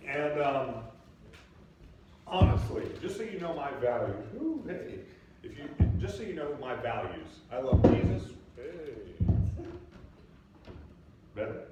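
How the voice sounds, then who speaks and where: A man's voice: mid-range voice, sing-song, moderate pace, muffled recording, heavy background noise. A young man in his twenties preaching a sermon in a casual, storytelling way, upbeat and chatty with lots of "like" fillers. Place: church sanctuary. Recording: echoey church from a distant mic.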